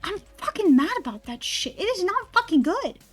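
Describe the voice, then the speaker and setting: Give me a high-pitched woman streamer who swears a lot and rambles, with soft music behind. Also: very animated, normal speed. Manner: profane, ranting, rambling. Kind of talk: casual stream chat.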